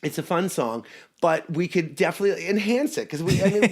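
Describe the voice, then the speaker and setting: Playful, campy man, slightly high voice. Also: a little fast. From Staten Island, New York. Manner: playful, campy, laughs often. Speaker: podcast guest. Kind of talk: casual chat.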